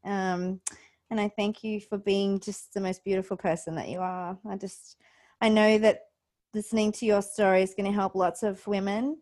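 A woman hosting a podcast interview, effusive and chatty, asking her guest quick questions. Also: medium pitch, little pitch movement. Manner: warm and effusive, gets emotional. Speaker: podcast host. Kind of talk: casual interview chat.

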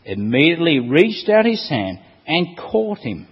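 A man preaching a sermon, expressive, asking rhetorical questions and quoting scripture with emphasis. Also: on the high side, moderate pace, slightly rough. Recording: long hall reverb, dull lo-fi sound.

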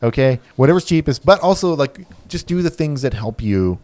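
A man's voice: mid-range voice, expressive, a little fast, a little mellow. A middle-aged man in casual podcast chat, rambling and frank with lots of fillers.

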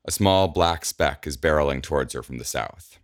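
Man with a super deep voice reading a story, measured and steady, dry close sound. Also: dry recording. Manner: measured, descriptive. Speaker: narrator. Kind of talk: scripted narration.

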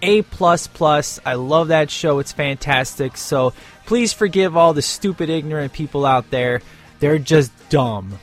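A man from the United States hosts his own podcast, talking casually and with emphasis about a TV show he loves. His voice sits a little high for a man, and he drives every point home. Faint music hums under him. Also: measured pace. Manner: animated, emphatic, ranting. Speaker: podcast host. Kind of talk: casual show review and rant.

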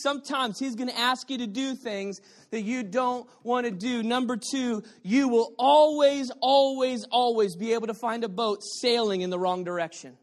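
A man delivers an animated sermon that swings between hushed, confiding asides and loud, shouted declarations. He jokes with his listeners and keeps checking that they are with him. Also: very high-pitched. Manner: playful, banters with the congregation. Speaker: pastor.

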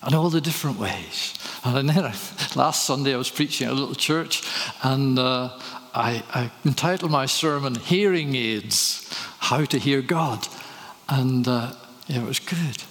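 A man's voice: medium pitch, unhurried, a bit bright. A man preaching a sermon, telling stories and asking rhetorical questions. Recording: reverberant hall.

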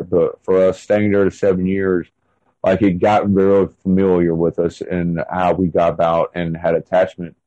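A man in his thirties recounts events from his own life in an unhurried interview. His voice sits low and mellow, and he rambles, filling gaps with loose asides. The recording is dry and close. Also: no echo, poor audio. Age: 30s. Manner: rambling, full of "like" and "and everything" fillers. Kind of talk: casual first-person storytelling.

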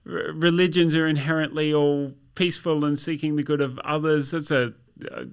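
A man's voice: a little high, fairly even intonation, normal speed, clear, resonant tone. A man co-hosting a casual podcast, talking in a thoughtful, hesitant way with dry asides. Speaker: podcast co-host. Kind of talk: casual conversation.

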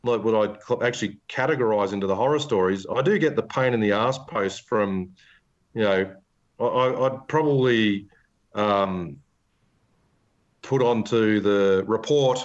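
A man's voice: lowish voice, unhurried, muffled recording. A man hosting a casual podcast chat, rambling through his points and laughing often. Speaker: podcast host, knife maker.

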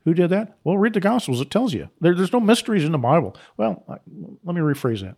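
Preacher, male, slightly high-pitched, emphatic off-the-cuff preaching that hammers on repeated lines. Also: very animated, fast talker, a little mellow. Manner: emphatic, repeats key phrases; unscripted, with restarts and asides. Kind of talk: preaching on scripture.

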